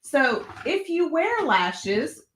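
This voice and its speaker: A woman's voice: sits high, very animated, very slow, noisy background. A woman hosting a live makeup tutorial, chatty and encouraging as she talks straight to her viewers.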